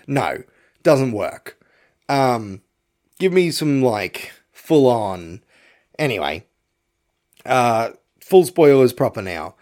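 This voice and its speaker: A man's voice: mid-range voice, very animated, slow pace, long pauses, darkish tone. A man, hosting a podcast and rambling bluntly through a profane film review. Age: young adult to middle-aged. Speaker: podcast host. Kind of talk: casual film review rant.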